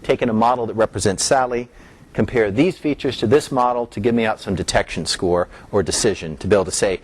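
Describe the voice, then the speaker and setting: Talking fast in a low voice, a middle-aged male lecturer walks through academic material step by step. He lifts his pitch to stress key terms and restarts some phrases as he explains.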